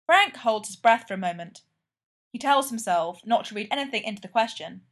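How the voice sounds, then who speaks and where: A woman narrating fan fiction aloud in a plain, even way. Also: on the high side, a little fast. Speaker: reader.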